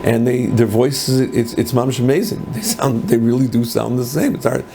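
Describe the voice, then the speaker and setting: Older rabbi with a gravelly voice. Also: male voice, mid-range voice, moderate pace, warm tone. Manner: mixes Hebrew and Yiddish terms, rhetorical questions. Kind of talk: Torah lecture. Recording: faint background noise.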